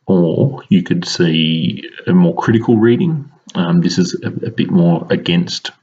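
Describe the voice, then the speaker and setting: A deep-voiced man with a husky edge teaches a recorded lesson. He explains in a measured way and pauses often with ums. The recording sounds dull and lo-fi. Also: darkish tone.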